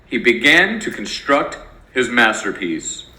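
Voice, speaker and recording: A man teaching in a playful storytelling manner, his pitch rising and falling a lot. His voice is very bright and sharp, and it echoes around a room. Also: big pitch swings, unhurried. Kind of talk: educational narration.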